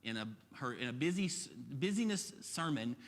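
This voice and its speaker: A man from Alabama with a Southern accent, preaching a sermon as campus pastor, talking fast and joking. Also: mid-range voice, in a large hall. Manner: fast, animated, quick to joke. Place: church hall.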